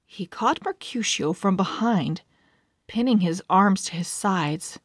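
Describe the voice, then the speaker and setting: A woman reading a children's storybook aloud in a calm, measured way. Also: mid-range voice, no room sound, clean studio sound. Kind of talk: children's book read-aloud.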